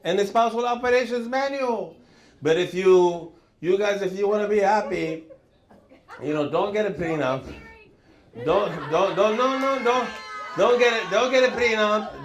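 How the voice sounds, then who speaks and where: Man in his 60s, high rambling voice. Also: moderate pace, a little hiss or hum. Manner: rambling, animated, jumps up high for acted quotes. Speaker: comedian host. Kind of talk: stand-up comedy storytelling. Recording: roomy echo.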